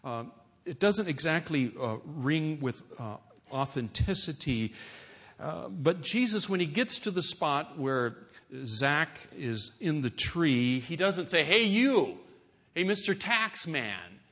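A middle-aged man preaching a sermon in a conversational, animated way, with playful asides. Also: on the high side, takes it slowly. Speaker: pastor.

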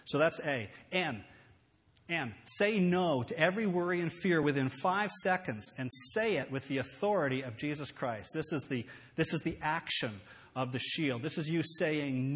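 A man preaching a sermon, earnest and emphatic, slowing down to read scripture aloud. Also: a little high, lively intonation, a bit bright. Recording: long hall reverb.

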